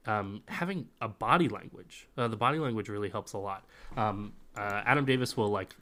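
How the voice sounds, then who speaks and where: A man's voice: lowish voice, fairly bright tone. A man co-hosting a podcast in casual chat, explaining game-master advice at length.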